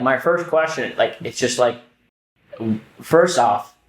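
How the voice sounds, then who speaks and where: Guy cohosting a podcast, swears a lot, keeps restarting sentences, medium voice, echoey room. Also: medium pitch. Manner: animated storyteller, swears, frequent restarts. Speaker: podcast co-host. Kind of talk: casual chat. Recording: roomy echo.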